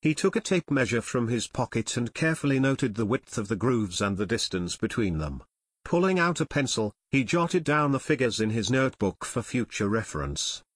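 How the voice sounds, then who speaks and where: Male audiobook narrator, mid-range pitch, measured storytelling, very dry close-mic sound. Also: very animated, breathy edge, no room sound. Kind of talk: scripted narration.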